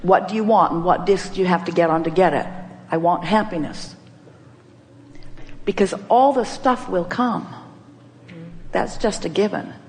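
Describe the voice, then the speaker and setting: A woman's voice: on the low side, moderate pace, long pauses, darkish tone. A woman giving an inspirational seminar talk, emphatic and playful, repeating her questions to the audience. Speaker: inspirational speaker.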